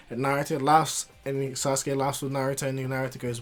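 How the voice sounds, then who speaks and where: A man's voice: mid-range voice, flat delivery, moderate pace, soft background music. A man casually improvising a fan story, rambling with fillers and restarts.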